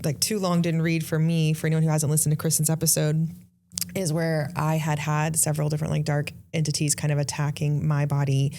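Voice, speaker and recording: A woman in her thirties hosts a conversation in a low, mellow register with a gravelly edge. She tells an emotional personal story, rushing at moments and halting over restarts. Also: monotone. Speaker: podcast host. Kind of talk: casual conversation.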